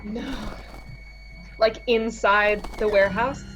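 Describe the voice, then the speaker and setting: A woman's voice: on the high side, fairly even intonation, slow pace, over music. A woman player in a tabletop horror game, nervous and hesitant, heard over a video call. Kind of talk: casual tabletop play. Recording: dull video-call audio.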